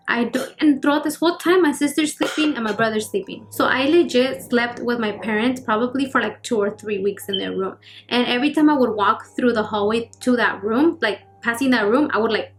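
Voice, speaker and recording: A young woman vlogger telling a personal story in casual, rapid speech full of fillers and quoted dialogue. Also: fairly high pitch. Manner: rapid, filler-heavy retelling with acted quotes. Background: faint background music.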